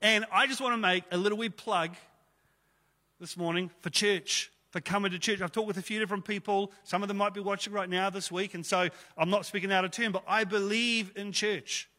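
Guy pastor giving a sermon, kinda high bright voice, chatty but punchy, church hall echo. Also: steady tone, a little fast. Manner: conversational, emphatic preaching with rhetorical questions.

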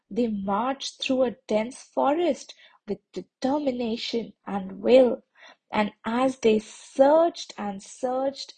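Mellow, husky-voiced woman storyteller. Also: sits high, poor audio. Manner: expressive, sing-song rhyming delivery, switches between English and Hindi. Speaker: channel host reading stories for children. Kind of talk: read-aloud storytelling with casual commentary.

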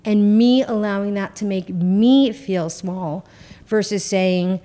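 A middle-aged woman, a podcast guest, telling her story in a blunt, profane and animated way. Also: medium pitch, slow. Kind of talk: candid conversation.

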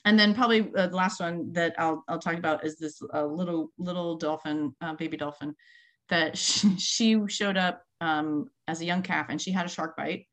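A middle-aged woman with a slightly low voice tells field stories in easy conversation. She is lively, laughs often and acts out little quotes as she goes. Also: normal speed. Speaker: marine mammal researcher. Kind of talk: casual conversational storytelling.

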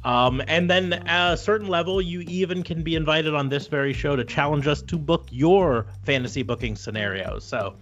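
A man's voice: on the high side, moderate pace, few pauses, a bit bright, muffled recording. An American man hosting a wrestling podcast, joking around in loose casual chat with lots of fillers. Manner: jokey, loose, with many fillers. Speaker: podcast host.

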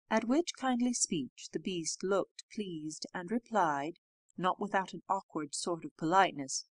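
A woman narrating a fairy tale aloud in a measured, clear storytelling manner. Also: lowish voice, no room sound. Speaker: audiobook narrator. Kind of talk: storybook reading.

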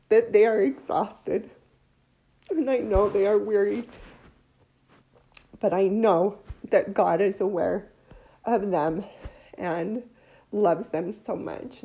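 A woman giving an emotional religious testimony, near tears, heartfelt and halting. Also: mid-range voice, gravelly, warm tone.

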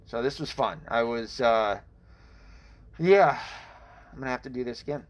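A man's voice: mid-range voice, moderate pace. A man hosting a casual livestream, talking bluntly and profanely, restarting often and chuckling at himself. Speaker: livestream host. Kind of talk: casual rambling livestream talk.

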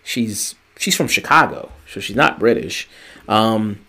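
A man co-hosting a podcast, chatting casually about TV shows in a rambling, animated way, full of fillers, restarts and swearing. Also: on the low side, measured pace, breathy edge. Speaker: podcast co-host. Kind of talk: casual review chat.

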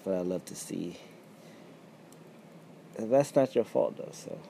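A man's voice: deep voice, expressive, slow pace, creaky, mellow, slight background noise. A man co-hosting a casual chat with his wife, blunt, swearing freely and laughing often. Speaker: podcast co-host.

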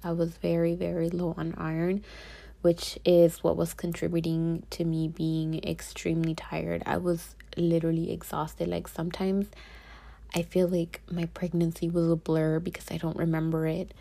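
Soft-spoken woman with a gravelly, husky voice. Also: on the low side, monotone, normal speed. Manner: soft-spoken, slipping into whispers. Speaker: vlogger. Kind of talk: personal storytelling vlog.

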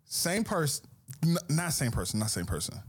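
A man chatting casually about wrestling as a podcast co-host, conversational and quick to laugh. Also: a little high, big pitch swings, breathy edge.

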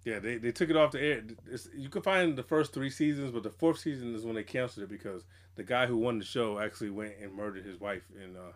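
A man's voice: medium pitch, fast. Male podcast co-host, loose profane banter, easy laugh, mid-range voice. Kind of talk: casual hip hop podcast chat.

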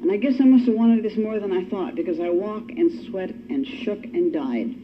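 A woman's voice: mid-range voice, moderate pace. An older woman giving a personal testimony at a recovery meeting, telling her story in a wry, self-mocking way. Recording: dull lo-fi recording with faint hiss.

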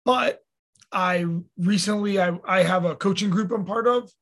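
A man with a notably high and husky voice tells stories in a loose, conversational way. He talks earnestly, drops the occasional swear word and sounds relaxed as a podcast guest. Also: normal speed. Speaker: podcast guest, fitness coach. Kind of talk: casual conversational storytelling.

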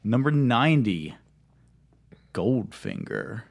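A man's voice: medium pitch, huge pitch swings, takes it slowly, creaky. Playful man in his thirties hosting. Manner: playful, laughs often while running a quiz. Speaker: host. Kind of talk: casual chat.

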